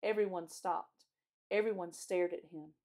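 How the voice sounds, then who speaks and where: A woman, a children's chapel teacher, reading a storybook aloud in a gentle, clear way. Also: lowish voice, fairly even intonation, measured pace.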